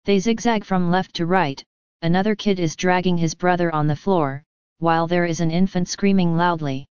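Very clear woman narrating a story. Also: on the low side, fairly even intonation, moderate pace, darkish tone, no echo, lo-fi sound.

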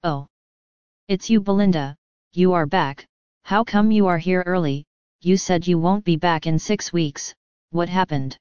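A woman's voice: on the low side, unhurried, a little mellow, smooth, no echo, muffled recording, close to an everyday voice. Woman reading as a grumbling fed-up husband. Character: exasperated lazy husband, middle-aged man.

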